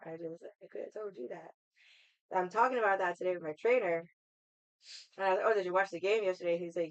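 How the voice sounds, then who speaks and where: Chatting quickly with her stream viewers, a woman rambles and swears freely in casual conversation. Her mid-range voice has fairly even intonation, and the audio sounds dull.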